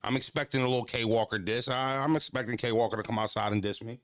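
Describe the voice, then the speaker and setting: A man who battle raps, riffing to his live-stream audience in a loose, repetitive rant. His voice sits in a middle pitch, close and dry, and it jumps between low grumbles and high, animated outbursts. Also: quick pace, no echo.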